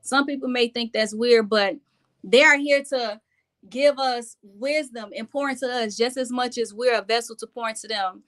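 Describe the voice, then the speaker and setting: Bright-voiced woman chatting on a live stream. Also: on the high side, normal speed. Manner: chatty, reflective, talks to viewers directly. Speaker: vlogger. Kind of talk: casual live-stream chat.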